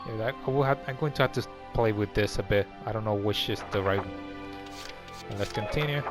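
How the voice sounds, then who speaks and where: Chatty low-voiced gamer man. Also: brisk. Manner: rambling, chatty. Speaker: let's play commentator. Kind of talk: casual gameplay commentary. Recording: game music behind.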